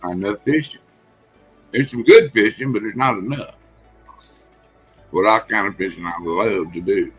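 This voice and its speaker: Teasing man with a husky voice. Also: lowish voice, normal speed, pauses often, soft background music, rough recording. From Texas. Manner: teasing, joking banter. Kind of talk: casual live-stream chat.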